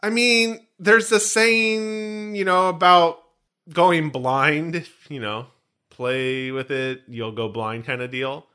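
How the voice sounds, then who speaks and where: A man's voice: fairly high pitch, steady tone, slow pace, pushed and bright, smooth. A man co-hosting a casual podcast, recapping a film with joking, rambling asides. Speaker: podcast co-host.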